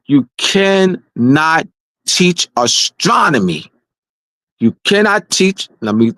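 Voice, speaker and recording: A fairly high-pitched, fairly bright male voice comes through a dry recording. The man presents a weekly talk show, lecturing insistently with repeated key points and many restarts.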